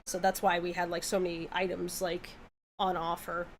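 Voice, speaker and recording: A woman's voice: on the low side, little pitch movement, moderate pace, slight background noise. A woman leading a small animation project, talking wordily in a casual livestream chat. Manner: wordy, lots of fillers and restarts.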